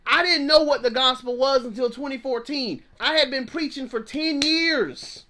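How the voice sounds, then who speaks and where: Male pastor, thirties, fervent preacher, bright tenor voice, repeats himself for emphasis. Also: very high-pitched, moderate pace. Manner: fervent, repeats phrases, plain-spoken slang. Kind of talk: preaching sermon.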